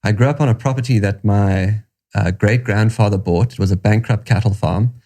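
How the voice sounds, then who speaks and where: A South African man with a lowish, warm and dark voice. He talks as a podcast guest, unfolding his story in a calm, measured and reflective way. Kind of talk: storytelling interview answer.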